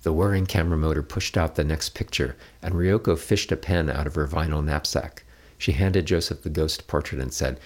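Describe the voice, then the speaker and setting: A man reading a novel aloud in a steady, measured narration. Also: a bass voice. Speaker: audiobook narrator. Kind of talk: scripted narration.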